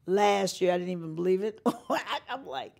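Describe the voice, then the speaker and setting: A woman's voice: medium pitch, moderate pace, gravelly. An older woman from North Carolina, a singer-songwriter telling stories in an interview and acting out the voices of the people in them. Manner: animated storyteller, acts out quoted voices, laughs often. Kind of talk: storytelling interview.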